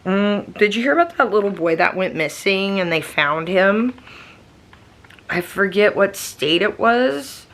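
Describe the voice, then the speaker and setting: Tired, gravelly-voiced woman vlogging. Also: expressive, measured pace, a bit bright. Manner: rambling, low-key, lots of fillers. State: tired, with a migraine. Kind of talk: casual daily vlog chat. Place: home living room.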